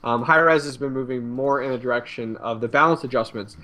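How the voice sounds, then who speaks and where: A man's voice: medium pitch, a little fast, sharp tone. A man hosting a casual gaming podcast who talks through the patch notes, laughs often and acts out players' reactions. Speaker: host.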